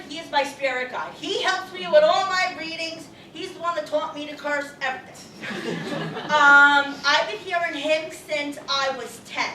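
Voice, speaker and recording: A loud woman medium rambles through stories for a live crowd, cursing freely in a high, bright voice. She sounds distant from the mic in an echoey room with a faint hiss behind her. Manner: loud, profane, rambling storyteller. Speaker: psychic medium. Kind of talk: live audience Q&A talk.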